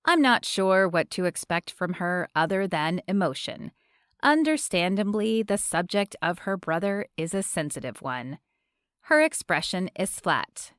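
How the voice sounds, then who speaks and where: A woman narrating a romance audiobook in a measured, expressive reading from a close studio mic. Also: lowish voice, clear, resonant tone, no echo.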